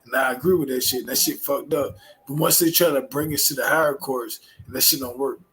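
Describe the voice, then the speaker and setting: A man's voice: mid-range voice, steady tone, fairly quick, fairly bright tone, poor audio. A man on a live panel, talking bluntly and profanely. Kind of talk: casual live panel chat.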